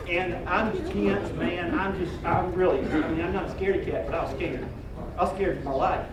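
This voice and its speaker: Animated man telling stories in a hall. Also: high-pitched, normal speed. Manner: animated Southern-style storyteller, acting out voices. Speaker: banquet speaker. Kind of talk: humorous storytelling speech. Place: banquet hall. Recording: echoey hall, from far off, noisy.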